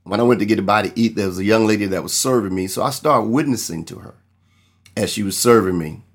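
A man's voice: lowish voice, fast talker, slightly rough. A man preaching a sermon, earnestly telling a personal testimony and acting out the people in his story. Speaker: pastor.

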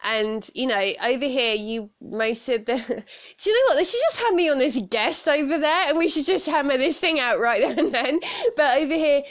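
A woman's voice: high voice, normal speed. A young woman with a southern English accent, chatting on her solo podcast, giggling and rambling, with a stuffed-up nose. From south of England. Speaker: podcast host. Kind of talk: casual solo podcast chat.

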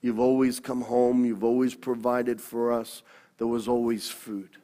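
A man preaching a personal testimony sermon, telling his story in an animated, halting way with restarts. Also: medium pitch, big-room sound.

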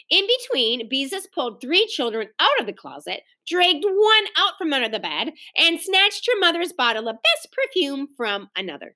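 A woman reading a children's book aloud, talking directly to young listeners between passages. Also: high voice. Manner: animated, doing children's voices, talks to listeners directly. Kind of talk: read-aloud storytime for kids.

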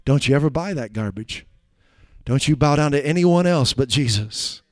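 A man preaching a sermon, swinging between loud, urgent exhortation and quiet asides, drawing out quoted scripture slowly for emphasis. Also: medium pitch, lively intonation, no room sound.

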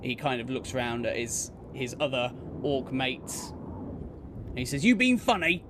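Male game master, unhurried narration, tabletop game, audible noise behind. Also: mid-range voice, level tone. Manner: unhurried, descriptive, casual.

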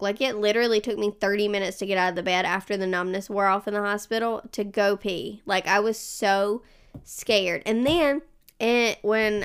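A chatty mother co-hosts a casual podcast chat, telling stories animatedly and laughing often. Her voice is smooth and mid-range.

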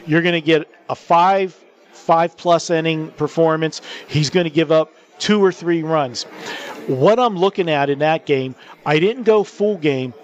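A man hosting a sports betting talk show, chatting casually, laughing often and restarting sentences. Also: a little high.

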